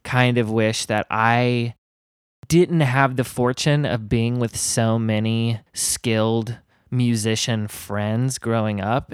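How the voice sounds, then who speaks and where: A man in casual conversation, rambling and animated as he tells personal stories. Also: medium pitch, clear, resonant tone, dry recording, studio quality. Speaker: guest musician.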